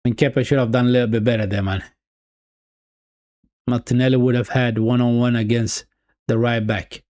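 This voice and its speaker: At normal speed and medium pitch, a man chats through a live football watch-along stream. He keeps repeating his phrases and calling viewers "people," his mood rising to excitement and dropping into deflation.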